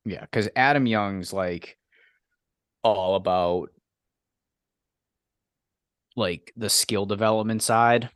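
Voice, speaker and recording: A man's voice: lowish voice, slow, long pauses, fairly bright tone, smooth, dry recording, clean studio sound. A man co-hosting a golf podcast, speaking bluntly in short clipped answers with plenty of swearing. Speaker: podcast co-host. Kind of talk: casual chat.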